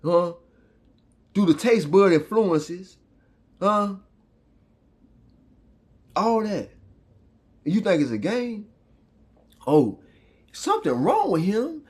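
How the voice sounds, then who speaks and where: A man's voice: high-pitched, sing-song, takes it slowly, long pauses, husky. A man delivering a fiery, profane spiritual monologue in a rhythmic, repetitive way, often tossing in "huh?" and "you feel me?". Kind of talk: impassioned street preaching monologue.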